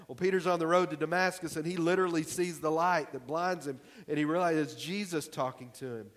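A man's voice: fairly high pitch, fairly even intonation, fairly quick. A male pastor preaching a sermon in a church hall, in a conversational, emphatic way. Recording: long hall reverb.

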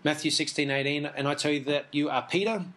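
A man's voice: a little high, fast talker, fairly bright tone. Easygoing man teaching from scripture. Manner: reads scripture aloud, easygoing and chuckling. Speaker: Christian teacher. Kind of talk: Bible teaching talk.

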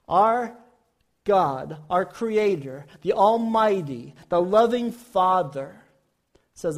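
A man in his forties preaching a sermon, telling stories with impassioned rises and quiet falls. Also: sits high, lively intonation, slow pace. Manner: impassioned storytelling, rising and falling intensity. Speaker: pastor.

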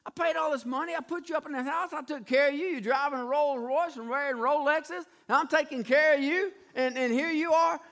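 A wealthy king, pushy and impatient, smooth-talking his offers and snapping in exasperation as a preacher acts him out in a sermon. The voice is very high and bright, with a forceful edge. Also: expressive, normal speed, heavily acted. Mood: exasperated.

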